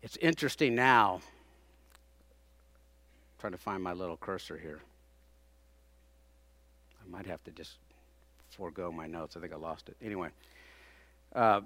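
A man preaching a sermon, dramatically acting out the people he quotes, rising to loud peaks and dropping to hushed tones. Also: dry recording. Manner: dramatic, acts out quoted speakers with big swings in loudness; drops to hushed low tones for emphasis.

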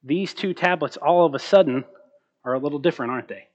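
A man preaching a sermon as pastor, slowing down to stress key words and asking rhetorical questions. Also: fairly high pitch, highs cut off. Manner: asks the congregation rhetorical questions.

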